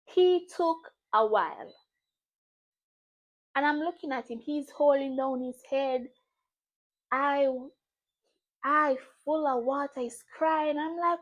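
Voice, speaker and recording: A young woman with a high voice recounts a painful personal story as a vlogger. She repeats phrases for emphasis and acts out both sides of the dialogue. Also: takes it slowly, pauses often, poor audio. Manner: repetitive and emphatic, acting out dialogue. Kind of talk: emotional storytime monologue.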